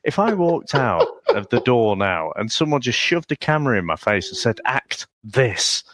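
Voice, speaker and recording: Male podcast co-host, lively intonation, dry booth sound, amused banter. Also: medium pitch, moderate pace, no room sound. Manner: amused, joking, laughs between lines. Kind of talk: casual movie review chat.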